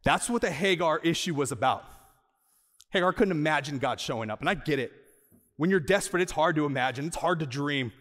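A male pastor preaching a sermon to a church. He moves from soft, slow lines to loud, high bursts for emphasis and laughs lightly with the room. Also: expressive, in a large hall. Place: church auditorium.

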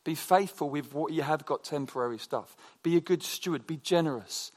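A man preaching a conversational sermon, telling personal stories in a chatty, animated way with frequent restarts. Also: on the high side, normal speed.

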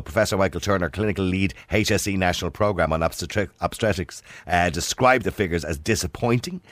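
Candid Irish radio host, lively voice. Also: male voice, on the low side, dry recording. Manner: candid, chatty, rises sharply when embarrassed. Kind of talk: radio phone-in chat. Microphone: studio microphone. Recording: dry close studio sound.

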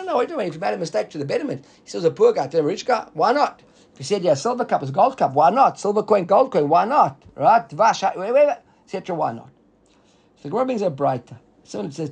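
Talmud teacher, male, high husky voice, brisk explainer who checks in with his class. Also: darkish tone. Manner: explains quickly, reads the text aloud and translates it, asks students if they follow.

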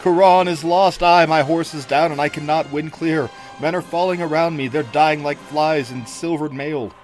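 A man's voice: a little high, steady tone, moderate pace, faint music behind, natural voice. A man voicing a dying male priest who shrieks frantic battle news through a crystal ball, in a story read aloud. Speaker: co-reader.

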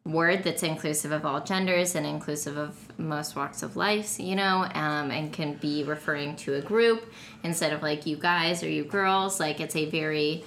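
Fast-talking, bright-voiced woman in casual chat. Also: low-pitched, fairly even intonation, slight background noise. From Colorado. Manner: fast, chatty, full of fillers.

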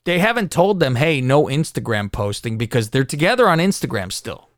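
Animated, swearing male podcast co-host. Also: medium pitch, a little fast, no room sound, studio quality. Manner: profane, animated storytelling. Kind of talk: casual wrestling recap chat.

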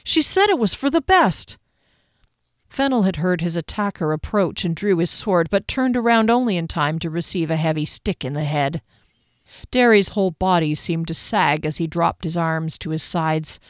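A woman narrating a fantasy audiobook in a measured, even storytelling manner, recorded on a close microphone. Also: fairly low pitch, dry recording.

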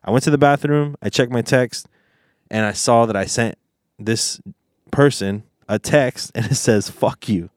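A man's voice: mid-range voice, unhurried, dry recording. Young man, casual podcast host, rambling storyteller, dry close sound. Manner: rambling, heavy filler and swearing, animated retelling.

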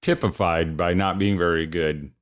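A man's voice: low voice, fairly even intonation, moderate pace. A man hosting an interview, affirming his guest and sharing personal stories. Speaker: show host. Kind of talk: interview conversation.

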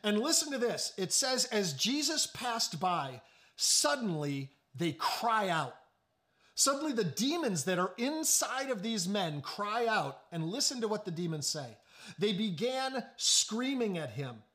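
Animated man preaching a sermon. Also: high-pitched. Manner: animated preaching with sudden drops to hushed, slow emphasis; joking asides. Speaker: pastor.

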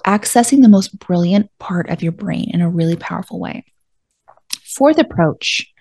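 Woman, life coach, podcast monologue, conversational, mid-pitched voice, dry recording. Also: warm tone, husky, no echo. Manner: conversational, often acts out her own self-talk.

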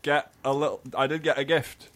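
A man's voice: a little high, steady tone, fairly quick, a bit bright. A man co-hosting a casual comedy chat with a dry, wry delivery. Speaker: podcast host.

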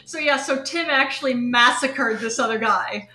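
American woman, high and lively, laughs a lot, echoey room with crowd noise. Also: normal speed. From USA. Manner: amused, laughs readily. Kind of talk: casual chat.

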